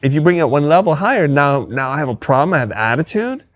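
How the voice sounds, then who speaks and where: A man talking as a guest in a candid interview, an animated storyteller who acts out dialogue with blunt, wry humor. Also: fairly high pitch, fast, dry recording, studio quality. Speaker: podcast guest.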